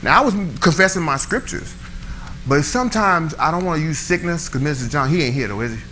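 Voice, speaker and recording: Lively, bright-voiced preaching man. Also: fairly high pitch, fairly quick, soft background music, low-quality recording. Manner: animated, conversational preaching with call-and-response. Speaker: pastor. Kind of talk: sermon. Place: church sanctuary.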